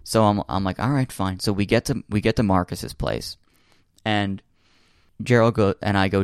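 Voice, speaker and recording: A young man with a low, animated voice casually tells a long, funny story at normal speed, laughing as he goes. He rambles with lots of fillers and restarts, and the recording is dry, with clean studio sound.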